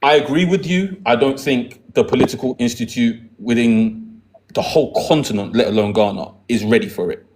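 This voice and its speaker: A man raised in the UK with a British accent, answering calmly and conciliatorily in a debate, often stumbling over repeated words as he starts. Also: mid-range voice, background noise. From United Kingdom. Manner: measured, conciliatory, stammers on restarts. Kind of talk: conversational debate.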